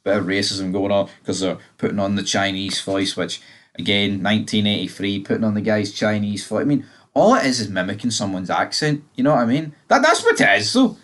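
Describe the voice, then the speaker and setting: A man's voice: on the low side, lively intonation, a little fast, fairly bright tone. A man giving a casual, rambling TV episode review, blunt and swearing freely.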